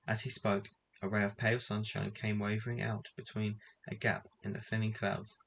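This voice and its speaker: A man reading a children's adventure book aloud in an even, measured way. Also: lowish voice, creaky. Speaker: reader.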